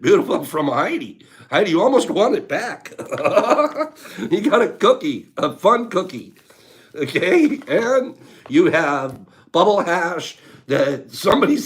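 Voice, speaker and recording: A man's voice: sits high, fairly bright tone. A man hosting a casual livestream, joking with viewers, laughing often and greeting the chat by name. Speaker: livestream host.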